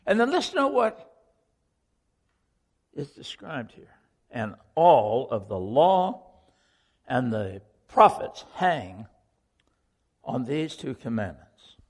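A pastor preaches slowly and deliberately, his gravelly voice rising and falling with lively swings. He is earnest and questioning and repeats key lines for emphasis. His words carry a long reverb from the church hall. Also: medium pitch. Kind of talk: sermon.

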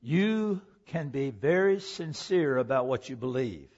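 A male pastor preaching a sermon, reading scripture aloud and explaining it with animated emphasis. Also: medium pitch, a little slow, muffled recording.

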